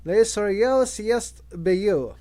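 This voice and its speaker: A man's voice: sits high, animated, very slow, mellow, heavily acted. A man voicing a chatty male grey parrot who mimics lines from films and other voices. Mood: chanting.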